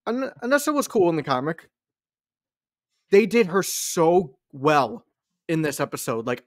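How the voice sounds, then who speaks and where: Male co-host, mid pitch, enthusiastic and loose-tongued, dry mic. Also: no room sound. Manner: enthusiastic, swears casually. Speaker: podcast co-host. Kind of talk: casual podcast chat.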